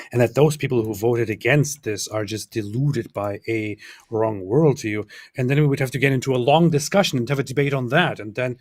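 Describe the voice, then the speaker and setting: A man co-hosting a casual reaction chat, thinking aloud and posing hypothetical questions. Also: lowish voice. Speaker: co-host.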